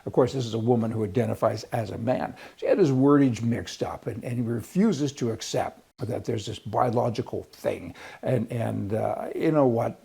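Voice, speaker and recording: Gravelly older man. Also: mid-range voice, moderate pace, few pauses, mellow. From Canada. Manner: folksy, rambling, opinionated. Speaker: host. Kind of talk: rambling political commentary.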